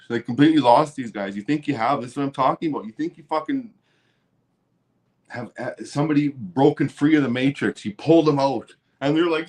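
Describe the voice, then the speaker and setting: A man's voice: on the high side, fairly quick, darkish tone. A Canadian man hosting his own show, ranting angrily and swearing heavily, now and then mocking others in sarcastic voices. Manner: profane and heated, mocking voices. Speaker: livestream host. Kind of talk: angry political rant.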